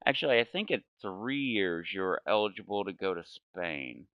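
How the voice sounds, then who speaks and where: A man's voice: sits low, big pitch swings, moderate pace, no echo, highs cut off. A man in his forties telling a meandering story while gaming, often correcting himself and laughing. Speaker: gaming channel host.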